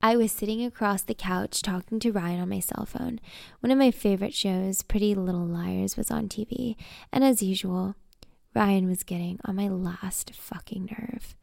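Gravelly sassy woman narrating a story. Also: medium pitch, moderate pace, darkish tone, dry recording, studio quality. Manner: sassy, spoiled-brat attitude in dialogue. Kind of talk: first-person audio drama narration.

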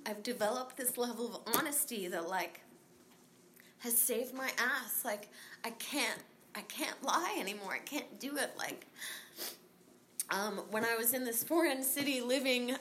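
Woman rambling through her recovery story, swears a lot, laughs, bright voice, little bit of hiss behind. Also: a little high. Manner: candid, swears freely, laughs often; rambling with many fillers. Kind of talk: casual spoken recovery story.

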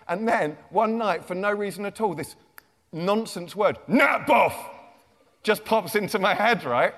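A man's voice: high-pitched, animated, moderate pace, a bit bright. Playful man in an echoing lecture hall. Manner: playful, chatty, jokey. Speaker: children's author. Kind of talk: live comic talk to a young audience. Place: large lecture theatre.

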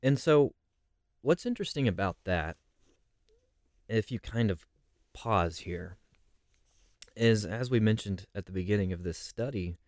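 A man's voice: on the low side, animated, unhurried, pauses often, a little mellow, no echo, studio quality. A man leading a conversational Bible study, reflective and posing rhetorical questions.

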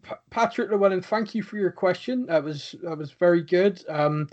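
A podcast host with a high-pitched, darkish voice reads listener questions on a casual show and answers them at a moderate pace. He's chatty, stammers into restarts, and laughs often; the audio sounds dull.

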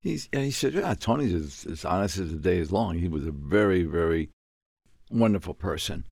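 An older man from Puerto Rico spins a long story in an interview. His voice sits low, gravelly and a little husky. He acts out every exchange, and his pitch jumps high when he gets worked up. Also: moderate pace, no room sound, studio quality. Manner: animated, acts out dialogue with sudden high-pitched outbursts. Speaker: guest.

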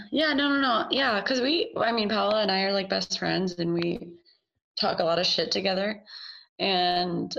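A woman's voice: lowish voice, gravelly, fairly bright tone, highs cut off. A woman in her twenties, a guest in a casual group chat, talking frankly and crudely. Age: 20s.

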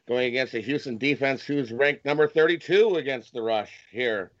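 A man's voice: medium pitch, normal speed, muffled recording. A man confidently laying out stats for his sports pick, with frequent "uh" and "um". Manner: stat-heavy, confident, many fillers. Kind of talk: casual betting picks chat.

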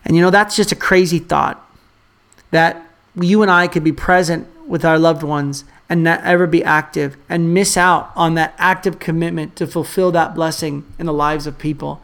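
A man preaches a sermon with a rough, gravelly texture. He drives points home by repeating them, then slides into chatty, offhand asides to the congregation. He sounds like a pastor with young kids at home. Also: on the high side, fairly even intonation, moderate pace, fairly bright tone. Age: adult father of young children. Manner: emphatic, repeats key phrases for the congregation; conversational asides and fillers.

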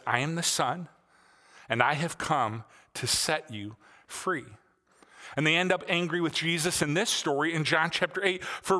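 A man's voice: on the high side, sharp tone, long reverb tail. A male pastor preaching a sermon in a conversational way, with frequent fillers.

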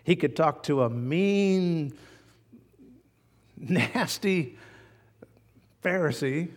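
Folksy preacher with a high voice in a reverberant hall. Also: male voice, drawn-out words. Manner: folksy, animated, chuckles at his own jokes. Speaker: pastor. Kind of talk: sermon.

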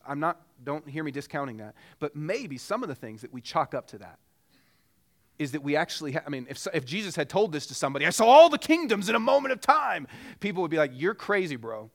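Animated, high-voiced male preacher. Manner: animated and conversational, with rising emphatic peaks. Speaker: pastor. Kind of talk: sermon.

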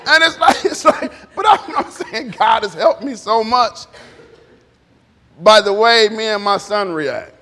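A man in his fifties preaching a sermon, animated and often laughing as he acts out little dialogues. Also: high-pitched, unhurried. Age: 50s. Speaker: pastor. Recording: long reverb of a large hall.

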